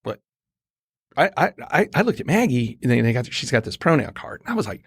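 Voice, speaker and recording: Gravelly middle-aged American man telling stories. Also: medium pitch, a little fast, no room sound, studio quality. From United States. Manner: animated, repeats words while building up a story. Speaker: podcast talker and Marine veteran. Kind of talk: casual storytelling chat.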